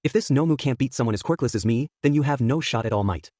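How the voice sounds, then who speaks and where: A man's voice: mid-range voice, lively intonation, fast talker, dark tone, dry recording, clean studio sound, lightly acted. A man reading a fan story, voicing a determined, defiant teenage boy hero in an earnest tone.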